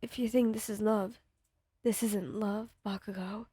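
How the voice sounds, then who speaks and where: A woman voicing a frightened captive who pleads softly in a whispered role-play. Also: mid-range voice, steady tone, a little slow, breathy edge, no room sound, clean studio sound. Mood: pleading.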